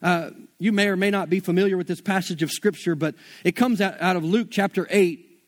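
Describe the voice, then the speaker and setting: Man preaching, high-pitched, laid-back and conversational with slang. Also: a little fast. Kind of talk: sermon.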